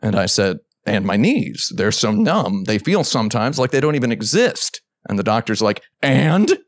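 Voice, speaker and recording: A male podcast host in casual chat tells a long joke story, acting out every voice and switching to a high voice for other people's lines. He speaks at normal speed with big pitch swings, and there's no room sound.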